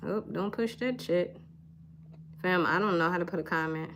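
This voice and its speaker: A woman's voice: fairly low pitch, normal speed, fairly bright tone, slight background noise. A woman, doing a casual tarot reading and chatting straight to her viewers in a folksy way. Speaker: tarot reader.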